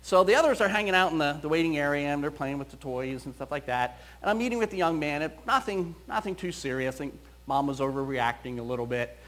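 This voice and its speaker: Lively, animated man telling stories. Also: fairly high pitch, fast. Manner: animated storyteller, quoting voices. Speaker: counselor. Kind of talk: storytelling talk.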